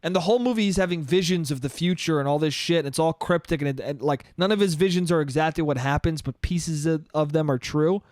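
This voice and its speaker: A man riffs alone on his own comedy podcast. He has a smooth, clear voice that sits a little high, and the sound is dry and close. He rambles, swears freely and laughs at his own jokes. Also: fast, hardly any pauses, a little mellow, no echo. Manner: rambling, profane, laughs often. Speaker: podcast host. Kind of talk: solo comedic monologue.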